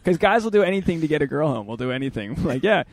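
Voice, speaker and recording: A young man hosting a casual podcast chat, telling animated stories and slipping into mock voices. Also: fairly high pitch, racing, dry recording. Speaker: podcast host.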